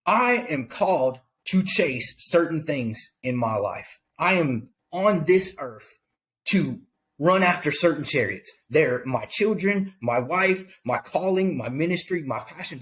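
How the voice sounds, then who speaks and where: A man's voice: on the high side, expressive, measured pace, a bit bright. A man speaking as a podcast guest, giving a fervent, preachy motivational talk about faith and purpose, often repeating his words. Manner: impassioned, preachy, repeats himself.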